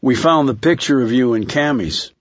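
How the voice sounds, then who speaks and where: A man's voice: mid-range voice, normal speed, no room sound, clean studio sound, natural voice. A man voicing a terse male detective who asks level, probing questions.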